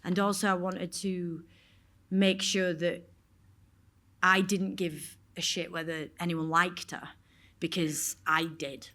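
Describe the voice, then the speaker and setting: Frank Yorkshire woman, lowish voice. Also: flat delivery, slow, pushed and bright. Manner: frank, rambling, swears casually. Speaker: actor on a panel. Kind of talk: candid Q&A talk. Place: stage at a cinema event.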